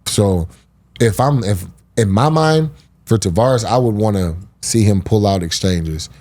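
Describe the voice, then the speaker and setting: Deep, mellow man in casual fight talk. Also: lively intonation, unhurried, dry recording. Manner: laid-back, profane, slangy. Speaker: podcast panelist, fighter. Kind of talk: casual fight-breakdown chat.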